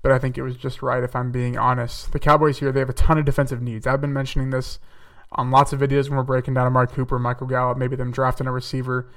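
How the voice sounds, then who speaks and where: Recorded from a distance, a young man's smooth, clear, medium-pitched voice stays level as he works through football picks. It's a chatty solo mock-draft podcast where he thinks out loud, using fillers and correcting himself.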